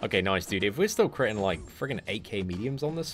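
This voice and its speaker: Lively-voiced man streaming a mobile game. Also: fairly low pitch, fast talker, few pauses, faint music behind. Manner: swears and erupts in frustrated outbursts; chats to his viewers between fights. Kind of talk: live gameplay commentary.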